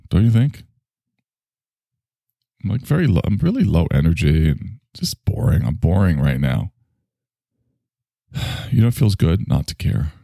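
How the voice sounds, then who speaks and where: Gravelly, sardonic male podcast host. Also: deep voice, sing-song, unhurried, long pauses, warm tone, no room sound, clean studio sound. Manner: sardonic, self-mocking, sighing. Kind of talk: rambling solo podcast monologue.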